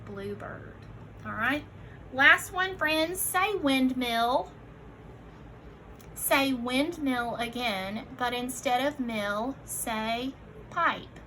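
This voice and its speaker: A young woman teacher guides children through a phonics lesson, speaking very slowly and clearly. Her voice is bright and a touch high, encouraging as she calls them friends. A faint hiss of room noise sits under the recording. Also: low-quality recording. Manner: slow, clearly enunciated prompts; encouraging, addresses listeners as friends.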